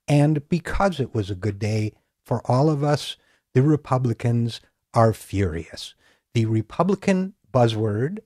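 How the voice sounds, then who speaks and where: A man's voice: mid-range voice, dark tone, no echo, studio quality. A middle-aged man hosting a political commentary show, delivering a scripted monologue with sarcastic, mocking asides. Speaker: political talk show host.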